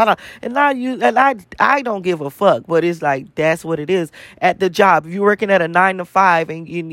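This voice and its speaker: Man, high-pitched, profane repetitive rant, dry close sound. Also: no echo. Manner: profane, emphatic, repeats phrases for emphasis. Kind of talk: casual spiritual rant to camera.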